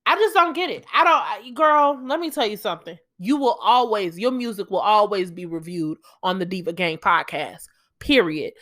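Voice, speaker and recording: A woman's voice: medium pitch, animated, normal speed, fairly bright tone. A young woman hosting a solo podcast, ranting emphatically with lots of swearing and heated outbursts. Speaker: podcast host.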